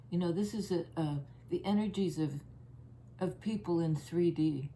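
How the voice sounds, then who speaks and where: Woman doing a tarot reading, low soft voice, kinda thinking out loud, bit of faint hiss behind. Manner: musing, halting, thinking aloud as she turns cards. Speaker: tarot reader.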